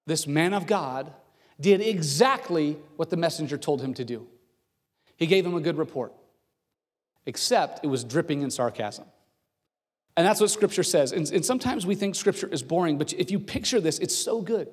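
A man preaching a sermon who retells a scripture story with lively acted-out voices. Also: fairly high pitch, moderate pace. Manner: animated, acts out the characters' voices. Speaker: pastor. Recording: long hall reverb.

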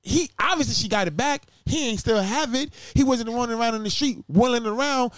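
A man co-hosting a podcast in casual chat, animated and profane, often acting out what other people would say. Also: very high-pitched, quick pace, hardly any pauses, dry recording, studio quality. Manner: animated, profane, acts out quotes in other voices. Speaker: podcast co-host.

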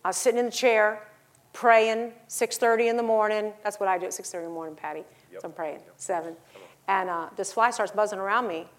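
A middle-aged woman preaching a sermon, telling stories and acting out the voices in them, rising to loud exhortation. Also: medium pitch, fast. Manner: acts out voices in her stories.

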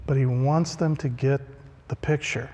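A man's voice: mid-range voice, steady tone, normal speed, dark tone. Man preaching in a reverberant hall. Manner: conversational preaching, acts out quoted voices. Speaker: pastor. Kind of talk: sermon. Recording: long reverb of a large hall.

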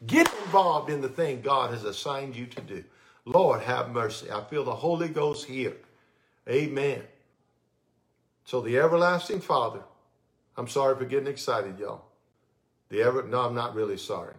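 A male pastor preaching a sermon with fervent energy that sometimes drops to soft, intimate tones, speaking on a microphone in a church sanctuary. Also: medium pitch, normal speed. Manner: fervent, rising to excited shouts then dropping to soft, intimate tones.

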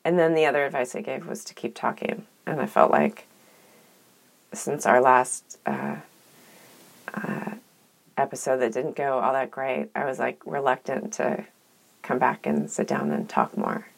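A woman co-hosting a podcast, talking in a thoughtful, earnest and measured way in a reflective conversation. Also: rumbling low, big pitch swings, creaky. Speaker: podcast co-host.

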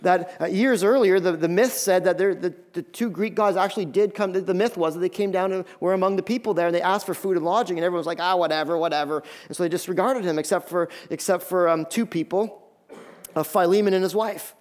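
A male pastor delivers a sermon in an animated, high-pitched voice. He often doubles up his words as he pushes a point home. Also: fast talker. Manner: animated, repeats words when building emphasis.

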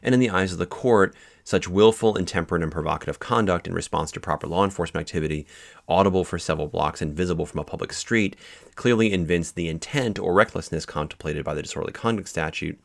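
Male instructor, very low voice, explanatory lecture delivery with restarts. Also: quick pace, creaky. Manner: explanatory, frequent fillers and restarts. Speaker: legal instructor. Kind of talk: lecture on case law.

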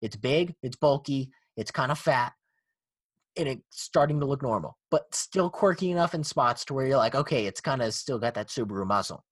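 A man's voice: medium pitch, normal speed, breathy edge, no echo. A man hosting a casual car podcast, swearing and laughing as he rants. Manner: profane, animated, laughing ranter. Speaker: podcast host.

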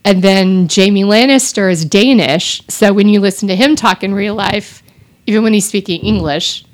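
A woman's voice: mid-range voice, normal speed. A woman co-hosting a podcast, chatting casually and drifting off on tangents. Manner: chatty, digressive. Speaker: podcast co-host. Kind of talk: casual chat about audiobooks.

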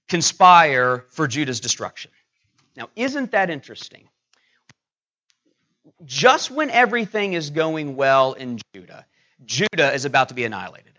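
A middle-aged man preaching a sermon, telling a personal story with many halting fillers and restarts. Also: a little high, sharp tone, highs cut off. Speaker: pastor.

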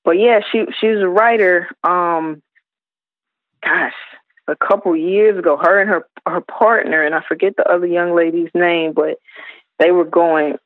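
A woman from South Carolina, a hip hop artist guest, telling stories in a relaxed, rambling way with many fillers. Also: on the low side, normal speed, no echo. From South Carolina, USA. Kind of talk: casual interview storytelling. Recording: tinny phone-line sound, dry.

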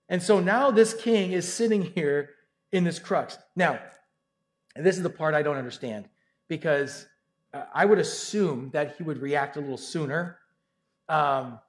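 Brief: man, pastor, light high voice, conversational lively sermon delivery. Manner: conversational, animated preaching with asides.

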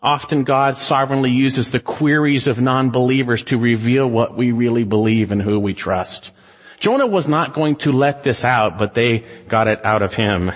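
A man's voice: medium pitch, moderate pace, big-room sound, lo-fi sound. A man preaching an expository sermon, emphatic and dramatic as he walks through a passage. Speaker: pastor.

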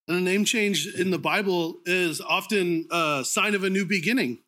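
Man, sermon, bright tone, slightly high voice, casual and halting delivery, clears throat often. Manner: informal, conversational preaching with frequent ums and restarts; clears his throat now and then. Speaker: preacher.

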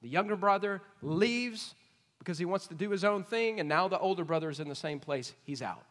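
A man preaching an expository sermon, emphatic and questioning, swinging between loud points and hushed asides. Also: sits high, lively intonation, a little fast. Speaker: pastor. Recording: long reverb of a large hall.

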